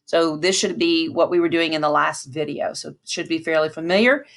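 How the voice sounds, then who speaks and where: A woman's voice: low-pitched, fairly quick. A woman band teacher giving a patient lesson, counting aloud and demonstrating breaths and mouth shapes.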